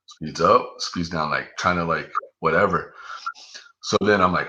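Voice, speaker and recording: A man with a very low voice and a forceful, bright edge tells a long personal story. He talks loosely and profanely, filling his talk with 'dude' and 'like'. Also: normal speed, lo-fi sound, slight background noise. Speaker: guest. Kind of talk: casual storytelling.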